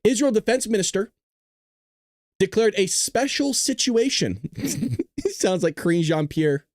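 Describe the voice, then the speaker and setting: A man's voice: high-pitched, sing-song, unhurried, dry recording, clean studio sound. A man hosting a casual news commentary stream who swears, jokes, and keeps breaking into giggles, sounding tired from staying up late. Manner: profane, joking, breaks into giggling laughter. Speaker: host.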